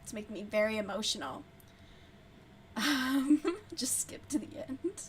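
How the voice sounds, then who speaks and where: A woman's voice: fairly high pitch, unhurried, slight background noise. A woman hosting a casual livestream while crocheting, chatting loosely, swearing freely and answering her chat as she goes. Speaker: livestream host.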